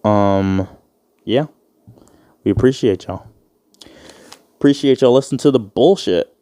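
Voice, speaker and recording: A man's voice: on the low side, measured pace, warm tone, no room sound. A man in his twenties hosting a casual solo podcast, rambling and joking with plenty of swearing. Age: 20s. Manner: rambling, profane, joking, acts out quoted voices. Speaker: podcast host.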